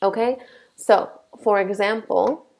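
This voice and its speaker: A young woman with a medium-pitched, steady, darkish voice and vocal fry gives a classroom lesson. She explains slowly and deliberately, step by step, often checking in with "okay?"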